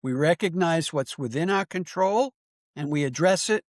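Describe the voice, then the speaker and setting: Older male guest, teacherly and emphatic; higher-pitched, dry close sound. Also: lively intonation, normal speed, no echo. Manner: earnest, emphatic, teacherly with tag questions. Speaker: psychologist and author guest. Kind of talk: interview answers, explanatory.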